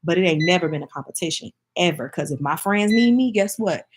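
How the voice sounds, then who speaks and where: A woman's voice: lowish voice, animated, brisk, slightly rough. A woman from Michigan chatting casually to camera as a vlogger, speaking in an emphatic, heartfelt way and addressing her viewers directly.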